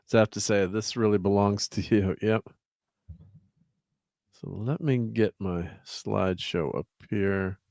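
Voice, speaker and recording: Stream host, male, low voice, dry close sound, loose rambling delivery full of fillers. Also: fairly even intonation, slow pace, gravelly, darkish tone, dry recording. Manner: rambling, chuckling, filler-heavy while fiddling with slides. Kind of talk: casual chat on a livestream.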